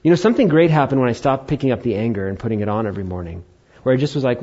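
A man preaching a sermon as a pastor, telling a personal story with animated acted-out asides. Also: mid-range voice, very fast, slightly rough, dull audio.

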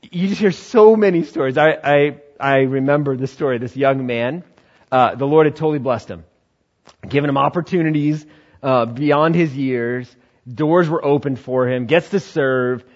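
A man in the pastor role preaching a sermon in an animated way, sometimes acting out other voices. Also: normal speed, highs cut off. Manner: animated, acts out quoted voices with high shouts and laughs.

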